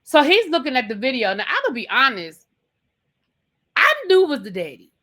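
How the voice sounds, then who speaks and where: Woman, TV review host, casual episode recap, bright forceful voice, gossipy and dramatic. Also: sits high, big pitch swings, brisk. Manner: chatty and dramatic, often says "baby".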